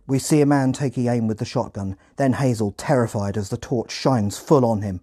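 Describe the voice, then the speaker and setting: A man, hosting a podcast and narrating a film scene by scene in a measured, descriptive way. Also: mid-range voice, warm tone.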